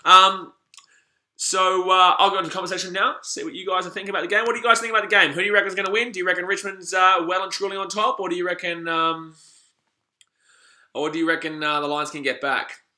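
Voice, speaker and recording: An Australian man hosts a live sports stream, mixing play-by-play calls with casual chat to his viewers. His voice sits a little high and sounds very bright and forceful, and he gets excitable, repeating phrases as the action unfolds. The sound has the echo of a bare room. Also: very fast. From Gold Coast, Australia. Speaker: live-stream sports watch-along host.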